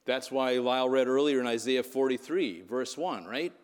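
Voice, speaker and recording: A man's voice: medium pitch, normal speed, few pauses, big-room sound. A man preaching a sermon in a conversational way, telling a story and checking in with "right?". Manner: conversational, frequent "right?" asides. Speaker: pastor.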